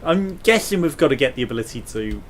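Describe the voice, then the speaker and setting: A man's voice: medium pitch, very animated, fast, a little hiss or hum. Joking British man narrating a game. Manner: jokey, reads game text aloud, swears. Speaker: let's play host. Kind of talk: game commentary.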